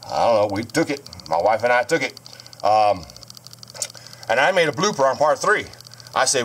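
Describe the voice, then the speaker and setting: Filmed on a stand-mounted camera in a home room full of dolls and a crib, a channel host showing off haunted dolls delivers a casual vlog monologue. His mid-range voice carries lively intonation at a moderate pace. He's profane and combative, scolding his commenters directly.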